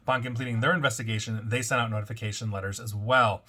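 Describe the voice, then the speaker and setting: A man hosting a weekly cybersecurity news roundup, reading items briskly and adding wry asides. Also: on the low side, fairly even intonation, pushed and bright.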